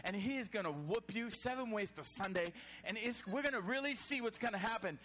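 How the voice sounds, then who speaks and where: Casting: bold young shepherd, defiant and earnest, light high voice, as a preacher acts him out. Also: male voice, lively intonation, a little fast, sharp tone, slight background noise.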